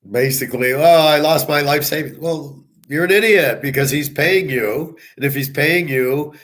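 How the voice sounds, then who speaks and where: A man's voice: mid-range voice, fairly bright tone. A man giving a profane, scornful monologue as a sports handicapper and commentator, talking bluntly. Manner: blunt, scornful, swearing often.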